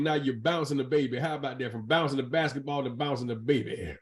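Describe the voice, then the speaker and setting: A man hosting a casual interview, playful and chatty with lively asides. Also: medium pitch, fast talker. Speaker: podcast host, interviewer.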